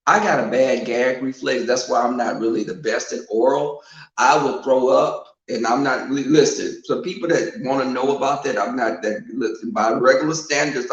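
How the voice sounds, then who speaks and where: A man hosting a casual live-stream chat, frank and sassy as he talks straight to his viewers. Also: medium pitch. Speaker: host of a live online show. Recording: echoey, dull-sounding room recording.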